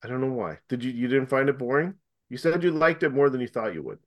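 A man's voice: medium pitch, animated, fast. Easygoing man chatting about a movie. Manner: easygoing, hesitant, many ums and restarts. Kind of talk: casual podcast chat about movies.

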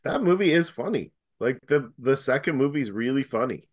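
A man talking casually about movies in a relaxed, hesitant way with frequent pauses. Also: medium pitch. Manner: easygoing, hesitant, many ums and restarts.

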